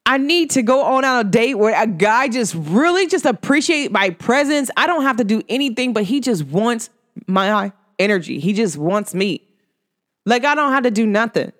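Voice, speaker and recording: A woman hosts her own podcast in a loose, chatty way. She tells stories with animated energy and scatters "like" through her speech. Her voice sits at an ordinary middle pitch. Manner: animated storytelling, filler-heavy with frequent "like". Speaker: podcast host. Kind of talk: casual spiritual chat.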